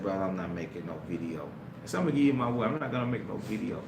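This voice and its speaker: A man preaching a sermon through a story, often laughing and breaking into shouts. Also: on the low side, a little fast, gravelly. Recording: echoey room with loud background noise.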